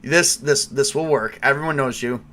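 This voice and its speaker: A man narrating as game master with lively storytelling. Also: mid-range voice, moderate pace.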